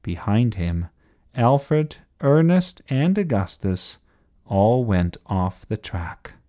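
A man reading a children's bedtime story aloud in an expressive storybook style. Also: fairly low pitch, takes it slowly.

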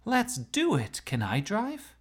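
A man voicing a bold, competitive young woman who talks eagerly, in a higher, gravelly voice. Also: big pitch swings, moderate pace, full character voice. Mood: excited.

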